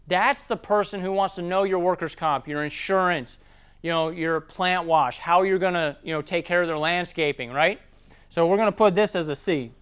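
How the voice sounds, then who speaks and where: A young man with a Southern US accent giving a casual sales training talk, acting out customers in quick voices. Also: high-pitched, a bit bright, smooth.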